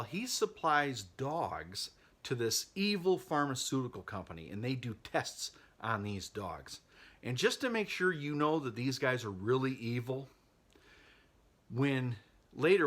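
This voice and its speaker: A man's voice: mid-range voice, fairly bright tone. A man casually recapping a movie he loves, chatty and wry, laughing at the plot. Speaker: movie vlogger.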